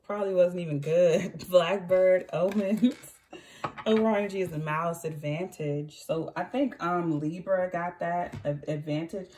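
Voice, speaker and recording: A woman's voice: fairly low pitch, unhurried, mellow, a little hiss or hum. A woman giving a casual tarot reading who chats freely, corrects herself and laughs often. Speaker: tarot reader.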